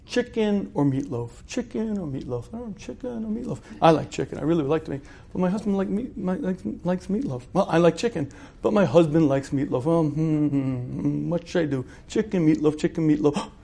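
A man's voice: fairly high pitch, moderate pace, warm tone. A man voicing a fretful housewife who dithers and then complains shrilly in a spoken lesson. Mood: dithering. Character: fretful housewife, sharp and indignant.

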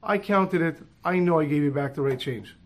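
A man's voice: fairly high pitch, moderate pace, natural voice. A man doing a stubborn bus passenger. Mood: insistent. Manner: insistent, complaining. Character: stubborn male bus passenger counting his change.

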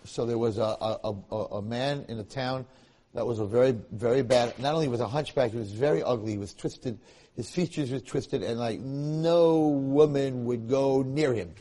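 A man giving a Torah lecture, telling a story in an animated way that restarts and repeats phrases often. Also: mid-range voice, a little fast.

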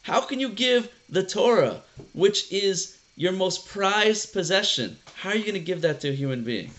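Indignant angels, as a male teacher puts them on, fire off outraged, incredulous questions in a raised, agitated voice. The tone is a little higher than an ordinary man's speech and has a storytelling edge. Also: expressive, unhurried. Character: indignant angels protesting in heaven.

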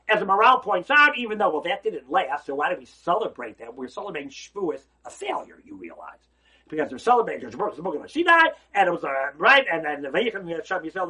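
A man's high-sitting, slightly rough voice carries a rabbi's holiday Torah lecture. He asks rhetorical questions and preaches with emphasis, moving back and forth between loud exclamations and quiet remarks.

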